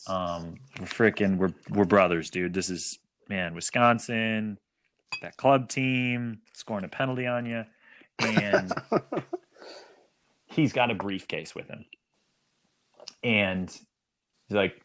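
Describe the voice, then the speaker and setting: A man with a lowish voice talks as a podcast guest in a casual chat. He spins a story slowly and hesitantly, with many filler words. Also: fairly bright tone.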